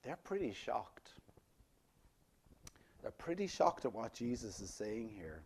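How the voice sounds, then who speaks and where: A man preaching a sermon, lively and rhetorical, often putting questions to his listeners. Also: medium pitch, takes it slowly, a little hiss or hum. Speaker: pastor.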